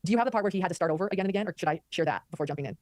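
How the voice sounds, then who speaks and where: A woman hosting a live commentary stream, talking quickly and animatedly and reading viewer comments aloud. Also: on the low side, expressive, a little mellow, no echo, clean studio sound. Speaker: commentary host.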